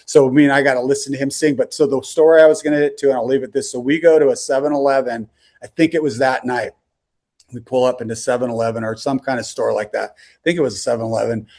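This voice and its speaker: A man's voice: mid-range voice, fairly even intonation, fast talker, darkish tone. Older rocker guy rambling through old stories on a video call, you know, like, all the way. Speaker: rock singer, interview guest. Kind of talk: casual storytelling.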